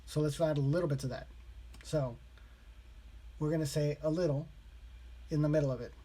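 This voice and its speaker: A man vlogging his language study, slowly repeating practice phrases aloud in a casual way. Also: a little high, steady tone, dark tone, husky. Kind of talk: casual self-taught lesson vlog.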